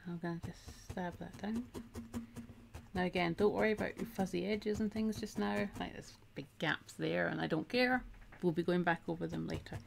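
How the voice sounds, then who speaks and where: A woman's voice: lowish voice, moderate pace, vocal fry, slight background noise. A middle-aged woman, chatting casually while she teaches a craft on a live stream and reads out viewer comments.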